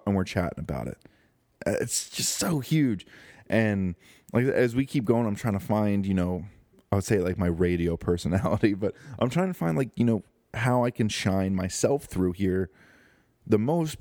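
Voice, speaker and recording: A man's voice: fairly low pitch, mellow, dry recording. A young man hosting his own podcast, talking casually in a rambling, joking way with lots of fillers and restarts, close to the microphone. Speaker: podcast host. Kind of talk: casual solo podcast monologue. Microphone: close studio microphone.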